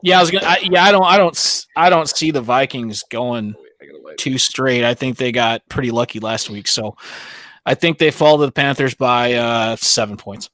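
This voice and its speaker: A man's voice: mid-range voice, fairly bright tone, no echo. A man on a sports podcast panel, hedging and restarting as he makes his pick. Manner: halting, hedging delivery. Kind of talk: casual podcast chat.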